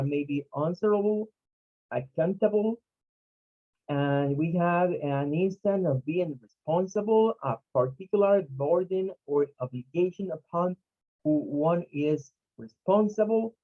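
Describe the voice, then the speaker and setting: A native Spanish speaker teaching English pronunciation online breaks words into syllables and repeats each sound patiently. The delivery is unhurried, and the recording is muffled and lo-fi. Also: mid-range voice.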